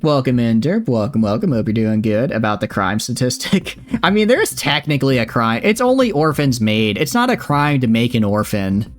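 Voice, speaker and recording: A man's voice: mid-range voice, big pitch swings, normal speed, hardly any pauses, faint music behind. A man with a Southern accent, chatting and joking while streaming a space game and reading its text aloud. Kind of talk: livestream gameplay commentary.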